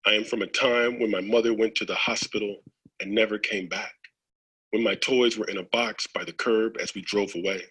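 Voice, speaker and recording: Man, poem recitation, husky voice, bright tone, measured line-by-line reading. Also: on the low side, fairly even intonation, poor audio. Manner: measured, reciting lines in turn.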